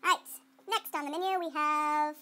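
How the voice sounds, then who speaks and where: A woman's voice: high voice, steady tone, normal speed, heavy background noise. A woman art teacher talking through a clay demonstration in a playful, chatty way, thinking aloud as she works and quizzing students. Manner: playful, talks to herself while working; call-and-response with students. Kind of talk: classroom demonstration.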